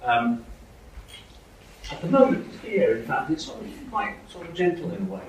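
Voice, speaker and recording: A man's voice: a little high, very animated, moderate pace, recorded from a distance, a little hiss or hum. Middle-aged man lecturing in an echoey hall. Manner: hesitant, many ums and restarts. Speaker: linguistics lecturer. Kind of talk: university lecture. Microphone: room mic from a distance.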